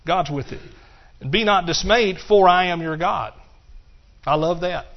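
This pastor's voice is high and gravelly, and he takes his time. He preaches emphatically in church, his sermon rising into cries of hallelujah, all captured on a muffled, lo-fi recording.

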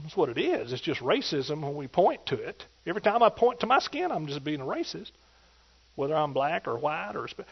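A man delivers a sermon in a high, ringing voice, pressing each point with emphatic, call-and-response energy toward his congregation. The recording is dull and lo-fi, with muffled treble. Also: sing-song, a little fast, gravelly, slightly rough. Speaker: preacher.

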